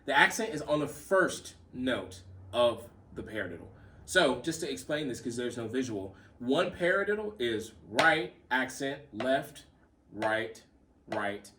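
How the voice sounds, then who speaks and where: A man's voice: mid-range voice, normal speed, far from the mic, a little hiss or hum. A man giving a casual drum lesson, calling out the sticking and explaining as he plays. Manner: relaxed, repeats himself, counts stickings aloud. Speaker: drum teacher. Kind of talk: casual spoken lesson with demonstrations.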